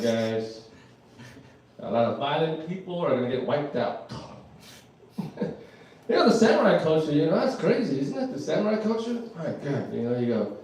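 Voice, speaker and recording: A man's voice: medium pitch, a little mellow. A man doing live stand-up comedy, rambling and laughing at his own jokes, in front of an audience. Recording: echoey room, mic far off.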